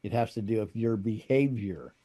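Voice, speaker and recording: A man's voice: lowish voice, moderate pace, dark tone. A man hosting a political talk show, chatting casually and repeating himself as he makes his points. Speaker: show host.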